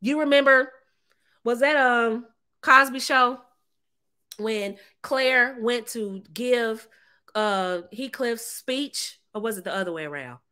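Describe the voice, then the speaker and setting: Emphatic bright-voiced woman coach. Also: a little high, takes it slowly, clean tone. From United States. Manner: emphatic, repeats phrases, laughs often; plays out short quoted voices. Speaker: relationship coach. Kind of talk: animated motivational talk.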